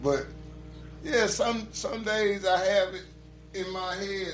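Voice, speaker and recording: A man's voice: high voice, a little slow, a bit bright, roomy sound, soft background music. A man co-hosting a casual podcast chat, telling laid-back stories and laughing often. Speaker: podcast co-host.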